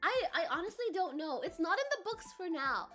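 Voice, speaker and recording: Bubbly high-pitched woman streamer. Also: sing-song, brisk, pushed and bright, soft background music. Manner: bubbly, giggly, swears casually, reads chat aloud. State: coming down with a cold. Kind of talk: casual chat with viewers.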